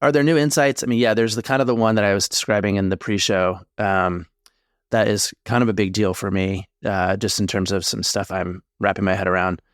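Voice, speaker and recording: A man's voice: fairly low pitch, brisk, no room sound. Rambling male podcast co-host, dry sound. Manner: rambling, animated storytelling with tangents. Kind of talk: casual chat.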